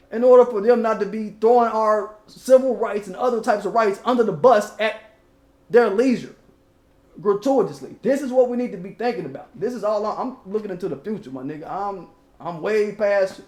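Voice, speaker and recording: A man hosts his own channel, offering loose, profane, casual commentary and rapping old lyrics along the way. His voice is high-pitched with a darkish tone, he talks at a moderate pace, and the room is echoey.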